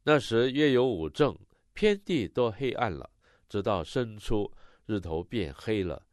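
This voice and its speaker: Low, lively male sermon interpreter. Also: a little slow, no room sound, clean studio sound.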